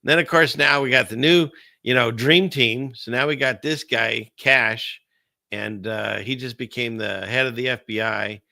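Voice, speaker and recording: A man hosts a casual commentary stream in a gravelly, bright-edged voice, rambling from point to point with sarcasm. His sound is dry and close, with no room around it. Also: mid-range voice, measured pace, no echo. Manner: rambling, sarcastic, laughs between remarks. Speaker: host of a political commentary stream.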